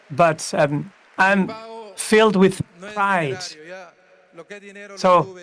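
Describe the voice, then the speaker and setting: A man in his sixties giving a slow, emphatic rally speech. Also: high voice, a bit bright. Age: 60s. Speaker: political speaker.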